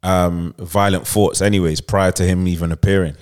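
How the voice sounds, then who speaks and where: Low smooth-voiced man chatting. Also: level tone, moderate pace, darkish tone. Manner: rambling, many fillers, laughs while telling. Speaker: podcast co-host. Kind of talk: casual chat, retelling a show's plot.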